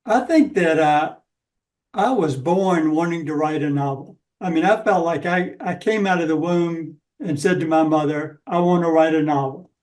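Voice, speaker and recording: A man's voice: fairly high pitch, moderate pace, a little mellow, recorded from a distance, rough recording. A man in his seventies from Georgia, a guest author answering interview questions in a reflective, hesitant way. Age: 70s. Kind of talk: casual interview talk.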